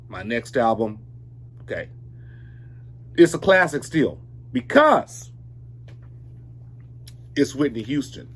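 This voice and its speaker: A man's voice: medium pitch, big pitch swings, measured pace, long pauses. A man in his forties chatting casually while unboxing records, rambling and often correcting himself mid-sentence. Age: 40s. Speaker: vinyl collector vlogger.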